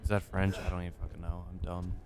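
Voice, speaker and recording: A man's voice: low voice, completely flat delivery, fast talker, background noise. A young man rambling through a let's play, self-mocking and swearing as he gets lost. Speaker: gaming YouTuber. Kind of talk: casual let's play commentary.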